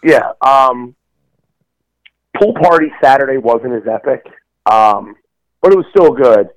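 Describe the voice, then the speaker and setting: A man's voice: medium pitch, lively intonation, unhurried, no echo, rough recording. A man in his thirties, co-hosting a podcast, who tells loose, rambling stories and fills them with lots of "um" and "like". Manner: rambling storyteller with many fillers. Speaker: podcast co-host. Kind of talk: casual chat.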